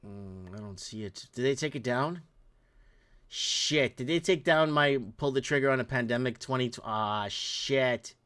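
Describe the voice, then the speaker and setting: His medium-pitched voice is clear, resonant and a bit bright, moving a little slowly. A middle-aged man born in Portugal and raised near Toronto, he hosts his own podcast, giving casual live-stream commentary in a rambling, heated style full of rhetorical questions.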